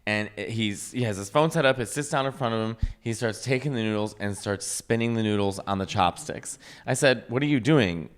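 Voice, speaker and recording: A man hosting a podcast, chatting casually and telling lively anecdotes. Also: fairly low pitch, a little fast, few pauses, clean tone. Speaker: podcast host. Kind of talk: casual chat.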